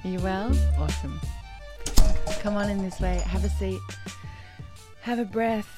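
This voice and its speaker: A woman singing teacher, leading a vocal warm-up lesson with encouraging instructions and sung demonstrations. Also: mid-range voice, fairly even intonation, a little slow, over music.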